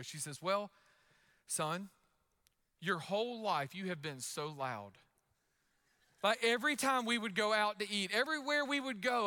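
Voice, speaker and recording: A young adult man preaching a sermon as pastor, loud and energetic in his delivery. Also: high voice, moderate pace, pauses often.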